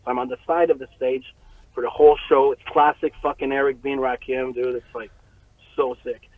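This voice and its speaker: A man telling a story as an interview guest, profane and animated, often breaking into laughter. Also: mid-range voice, fairly quick, no echo. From Montreal. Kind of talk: casual storytelling. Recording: tinny phone-like line, very dry.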